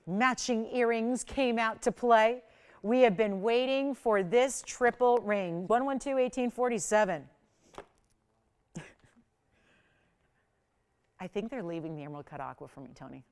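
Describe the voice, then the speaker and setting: A woman hosting a live jewelry shopping show, chatting and selling with upbeat patter and bursts of excitement. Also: lowish voice, clear, resonant tone. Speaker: shopping channel jewelry host. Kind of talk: live home shopping presentation.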